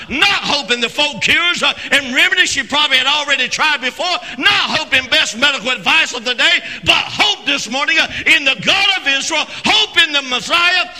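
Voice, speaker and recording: High, bright-voiced man preaching a fervent sermon. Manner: fervent preaching with call-and-response to the congregation; frequent "uh" fillers and restarts, swings from shouting to low asides. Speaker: senior pastor. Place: church sanctuary. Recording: long hall reverb in a church.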